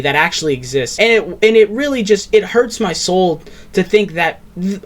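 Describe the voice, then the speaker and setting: A young man delivers casual reaction commentary. He rants with exasperation and slips into mockery, talking loosely and at length. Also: a little high. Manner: exasperated ranting, mocking.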